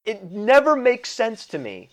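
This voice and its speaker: A wisecracking man co-hosting a sports podcast, talking in a fairly high voice. He is emphatic and punchy, and he slips puns into casual chat. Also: wildly swooping pitch, measured pace. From Italian heritage. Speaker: fantasy football podcast co-host.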